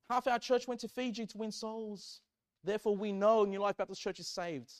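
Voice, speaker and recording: A man preaching a sermon, swinging between loud fervent emphasis and quiet asides. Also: sits high, normal speed. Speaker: pastor.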